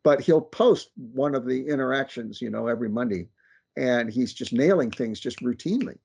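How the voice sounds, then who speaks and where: A man's voice: medium pitch, animated, moderate pace, creaky, darkish tone, breathy edge. A man, an author and researcher, talking earnestly in casual conversation and pressing his points with repeated phrases. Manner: earnest, argumentative, repeats words for emphasis.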